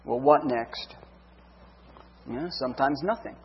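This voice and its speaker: A man's voice: mid-range voice, takes it slowly, a little hiss or hum. A man in his fifties giving an earnest sermon testimony, telling his story with heartfelt feeling. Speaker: preacher. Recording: dull echoey hall.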